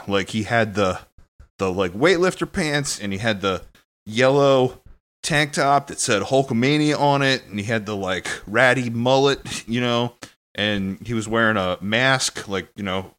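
A man's voice: medium pitch, fairly bright tone. A man co-hosting a podcast, telling a long casual story in a rambling, loose way, full of fillers. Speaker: podcast co-host.

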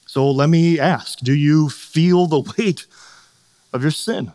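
A man in his thirties gives a sermon in an easy, talky style, and his voice sits a little high for a man. He keeps asking "right?" and acts out little scenes as he preaches. The sound rings out with a long hall reverb. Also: slow pace, a little mellow. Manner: conversational preaching with frequent "right?" tags and acted-out quotes. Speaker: pastor. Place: church sanctuary.

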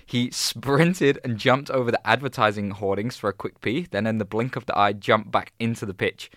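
A man's voice: lowish voice, normal speed, fairly bright tone, no echo. A man co-hosting a podcast, telling stories in a laid-back, chuckling way on a close mic. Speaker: podcast co-host. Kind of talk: casual chat, reading out stories.

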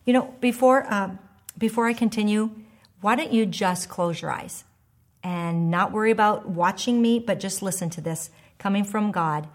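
A woman in her fifties giving a devotional teaching talk, animated and emphatic, sometimes dropping to a soft hush. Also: mid-range voice, normal speed. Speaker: devotional speaker and author.

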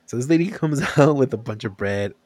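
A man's voice: medium pitch, fairly quick. A young man in casual podcast chat, telling stories with animation and acting out what others said. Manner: animated storytelling, acts out quotes.

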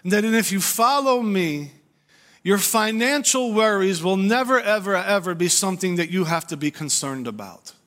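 A man voicing an excited old male prophet who points at people and proclaims slowly. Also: sits high, pitched above the performer's own voice. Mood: proclaiming. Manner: slow, drawn-out, rising proclamation.

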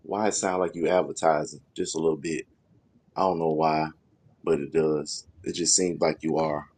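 A man's voice: very deep voice, level tone, moderate pace, a little mellow. A man co-hosting a casual comedic podcast, bluntly teasing his partner and laughing as he questions him. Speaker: podcast co-host.

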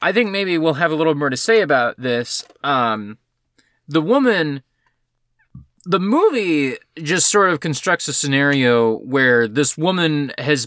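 A man co-hosting a podcast, chatting about an old film in a rambling, excited way, full of fillers. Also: fairly high pitch, no echo, studio quality. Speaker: podcast co-host. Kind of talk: casual film discussion.

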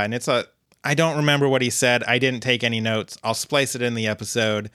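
A man's voice: mid-range voice, steady tone, a little fast, sharp tone, clear, resonant tone, no echo. A man co-hosting a podcast, recapping a TV episode in casual chat and playfully acting out the characters' lines. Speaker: podcast co-host.

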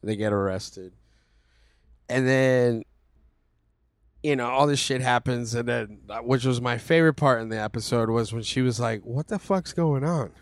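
A man tells a TV episode's plot to his friends in a loose, profane ramble. He slips into the characters' lines as he goes. His voice sits at an ordinary middle pitch. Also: normal speed, long pauses, dry recording, studio quality. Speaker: podcast co-host. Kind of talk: casual chat recapping a TV episode.

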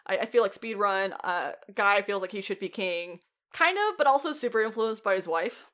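A woman co-hosting a podcast, recapping a TV show in casual, animated chat, swearing freely and laughing often. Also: mid-range voice, moderate pace. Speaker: podcast co-host.

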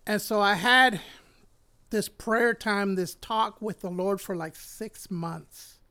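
A middle-aged church elder and pastor from Puerto Rico shares his personal faith testimony, earnest and heartfelt, with moments where emotion breaks through. His voice sits high and sounds pushed and bright, and he speaks slowly.

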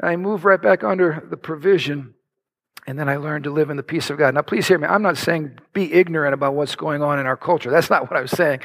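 A man preaching a sermon to his congregation, animated and conversational, acting out little prayers and scenes in other voices. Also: on the high side, vocal fry. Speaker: pastor. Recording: long hall reverb.

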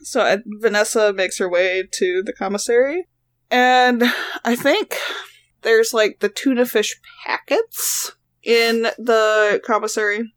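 A woman's voice: a little high, slow pace. A young woman playing in a tabletop game, chatting in a hesitant way with fillers as she describes her character. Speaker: player. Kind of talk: casual tabletop play.

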